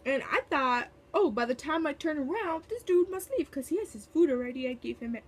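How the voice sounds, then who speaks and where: A woman's voice: high-pitched, expressive, fairly quick. A young woman telling a storytime vlog in casual, chatty talk, full of fillers and sassy asides. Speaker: vlogger.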